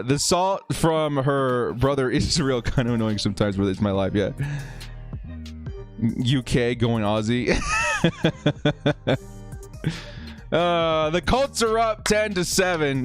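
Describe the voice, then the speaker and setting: Excitable guy chatting on a live stream, laughs a lot, bouncy voice. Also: mid-range voice. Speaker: livestream host. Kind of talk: casual live watch-party chat.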